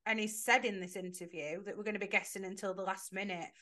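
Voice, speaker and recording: A woman's voice: medium pitch, fairly even intonation, fast talker, sharp tone. A woman co-hosting a podcast, chatting about a soap opera and skeptically questioning the plot. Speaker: podcast co-host.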